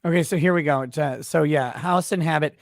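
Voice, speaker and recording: A man's voice: on the high side, a little fast, dry recording. A middle-aged man hosting a casual live-stream chat, loose and joking, rambling with restarts. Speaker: host.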